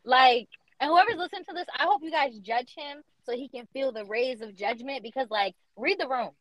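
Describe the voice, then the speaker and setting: A woman's voice: sits high, brisk, a bit bright, dry recording. A young woman co-hosting a podcast, talking in a casual, emphatic, slangy way with lots of fillers. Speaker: podcast co-host. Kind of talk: casual chat. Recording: dull lo-fi podcast audio.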